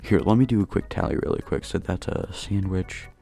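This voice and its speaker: A man with a low, mellow voice tells a storytime voice-over at an unhurried pace. He rambles and pokes fun at himself as he talks, with faint music playing underneath. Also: gravelly. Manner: rambling, self-deprecating storytelling. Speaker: gaming channel host. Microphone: voice-over recorded late at night.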